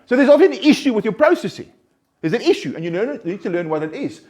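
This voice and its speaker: Earnest male counselor, slightly high voice. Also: very animated, quick pace, a little mellow. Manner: earnest, conversational, with frequent restarts and rising emphasis. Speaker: counselor at a recovery centre. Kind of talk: informal group talk.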